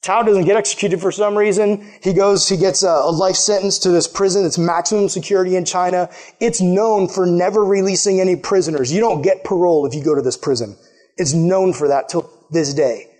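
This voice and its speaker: A man preaching a casual sermon, telling a story and acting out quotes in lively put-on voices. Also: sits high, a little fast. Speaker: pastor.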